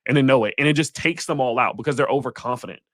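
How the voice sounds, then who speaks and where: A man hosting a live crypto market stream, talking in a blunt, animated and profane way. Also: medium pitch, racing, dry recording, studio quality. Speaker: crypto livestream host.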